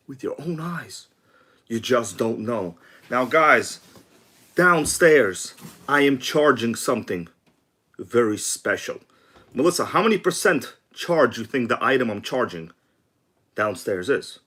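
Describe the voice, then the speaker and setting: A man hosting an RC livestream, energetic and joking as he gives shout-outs to viewers. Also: medium pitch, a little slow, slightly rough. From from abroad. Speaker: RC livestream host. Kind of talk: excited casual livestream chat.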